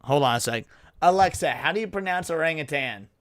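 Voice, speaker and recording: A man's voice: on the high side, expressive, a little fast, a bit bright, no room sound, studio quality. A man co-hosting a late-night stream, joking around and reading chat messages aloud with frequent stammered restarts. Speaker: VTuber co-host.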